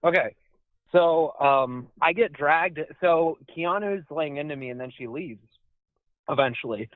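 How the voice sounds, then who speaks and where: A man calling in to a radio show over the phone, telling a story in a casual, animated way. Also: a little slow, no echo. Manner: animated, high-pitched, jumps up when quoting himself. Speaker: phone-in caller. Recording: tinny phone line.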